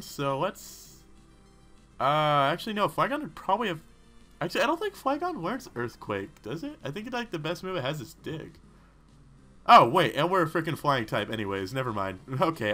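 A man rattling off excitable gaming commentary, his voice jumping up and down in pitch with a bright, forceful edge. He rambles and talks back at the characters as he plays. Faint game music hums underneath. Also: normal speed. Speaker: let's play host.

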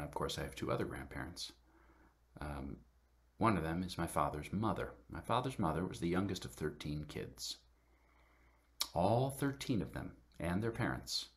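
Man, middle-aged, extremely low voice, halting storytelling, lots of ums and restarts. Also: fairly bright tone. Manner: halting, many fillers and restarts. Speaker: guest speaker at church service. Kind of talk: personal storytelling talk.

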